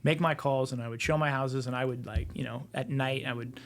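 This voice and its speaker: A man's voice: mid-range voice, fairly even intonation, fairly quick. A man in his forties on a podcast, telling his story in a rambling casual way with many fillers and restarts. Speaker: podcast guest, real estate entrepreneur.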